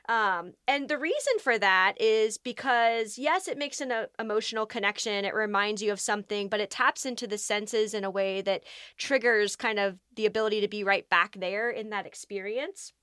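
A woman's voice: mid-range voice, normal speed, pushed and bright, clean tone, no room sound, studio quality. A woman co-hosting a podcast, chatting casually with many fillers and easy laughs. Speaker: podcast co-host.

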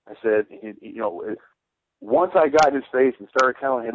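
A former football player tells his stories in an animated, restless way, often repeating words as he gets going. His voice is a bit low for a man. It comes through a thin, phone-like line with no room sound. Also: normal speed, no room sound. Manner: animated storyteller, repeats words when starting sentences. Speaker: former football fullback guest. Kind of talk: casual podcast chat.

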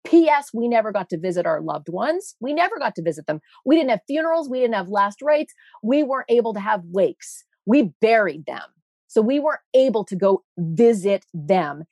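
A woman's voice: medium pitch, big pitch swings, moderate pace, a little mellow, no room sound. A woman guest on an interview show, speaking in an indignant, emphatic way. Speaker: guest, meteorologist. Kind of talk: impassioned interview talk.

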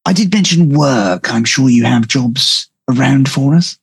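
A man voicing a smooth-talking, sycophantic male rogue who fawns over people. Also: fairly low pitch, sing-song, unhurried, dry recording, heavily acted. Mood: fawning. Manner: ingratiating, fawning.

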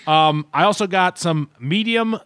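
A man's voice: high voice, unhurried, fairly bright tone, smooth, dry recording. A man co-hosting a podcast, giving a rambling, meandering casual food review. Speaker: podcast co-host. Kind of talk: casual chat.

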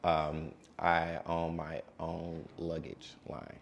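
Man, late twenties, very low voice, calm laid-back DJ guest. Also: slow, gravelly. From Detroit. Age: late 20s. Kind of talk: casual interview.

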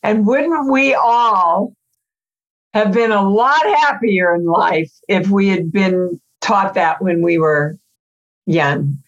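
Slow-spoken enthusiastic woman guest. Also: mid-range voice, lo-fi sound. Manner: warm, enthusiastic, drawn-out phrasing. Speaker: guest, author. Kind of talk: casual chat.

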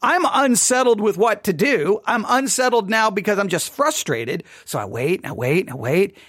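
A man's voice: sits high, lively intonation, moderate pace, fairly bright tone, husky, dry recording. A man telling a chatty, self-deprecating story as the host of a casual devotional podcast recorded in his home studio. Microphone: studio microphone.

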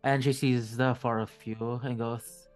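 A man running a tabletop game, narrating at a middling pitch with plenty of fillers and restarts. Faint music plays underneath. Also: flat delivery, unhurried. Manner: rambling, filler-heavy. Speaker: game master.

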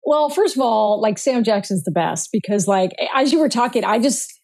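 A woman guest on a marketing podcast, talking in an animated, playful way and laughing often. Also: on the high side, moderate pace. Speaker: guest, marketing speaker and author. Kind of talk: casual podcast interview.

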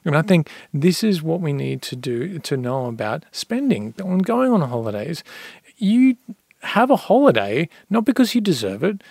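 A man on a podcast telling a parable and giving money tips in a calm, storytelling way. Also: a little high, moderate pace, gravelly, dry recording, studio quality. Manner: storytelling, repeats a refrain calmly. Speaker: guest expert on personal finance.

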